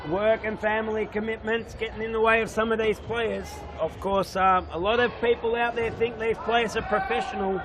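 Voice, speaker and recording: A man's voice: sits high, little pitch movement, normal speed, few pauses. A man doing chatty, jokey live commentary on a futsal match in an indoor stadium. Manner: chatty, jokey, banters with the referee. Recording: crowd noise in a sports hall. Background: crowd noise.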